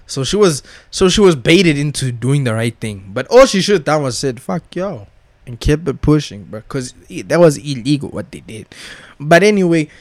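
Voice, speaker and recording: A man's voice: mid-range voice, dry recording. A young man in a casual, slang-heavy rant as a vlogger, swearing and emphatic, with loose repeated filler words. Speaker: vlogger reviewing a TV show.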